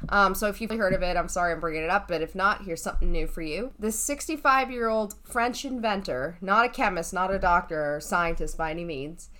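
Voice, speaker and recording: A woman's voice: on the low side, fairly quick, few pauses, sharp tone. A woman co-hosting a podcast, chatting in an easygoing, playful way and laughing readily. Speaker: podcast co-host. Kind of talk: casual chat.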